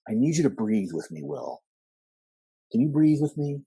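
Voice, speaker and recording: Man doing a hushed, coaxing school shrink, mellow and husky voice. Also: medium pitch, very animated, no echo. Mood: soothing. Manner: soft, slow and hushed. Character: soothing male school psychologist, calm and coaxing.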